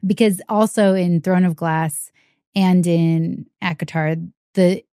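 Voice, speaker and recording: Woman podcast co-host, relaxed chatty delivery, warm low brightness, dry mic. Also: slow, clear, resonant tone, no echo. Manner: chatty, lots of fillers and quoted asides. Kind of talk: casual chat.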